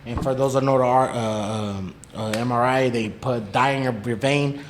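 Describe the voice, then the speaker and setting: This podcast guest, a man with a medium-pitched voice and steady tone at normal speed, narrates a story in casual, profane, slangy conversation. He voices the people involved, quoting what they said. The recording room is echoey with faint noise.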